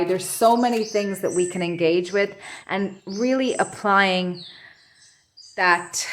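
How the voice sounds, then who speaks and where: A woman giving an intuitive tarot reading to camera from her home office, talking in a soft, meandering, reflective way. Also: fairly low pitch, a little hiss or hum. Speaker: tarot reader.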